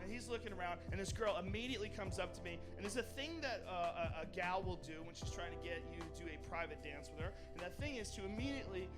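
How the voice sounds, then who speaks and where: A man doing stand-up, telling a crude story in an animated way and acting out the characters. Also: sits high, fast talker, few pauses, over loud music. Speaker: stand-up comedian.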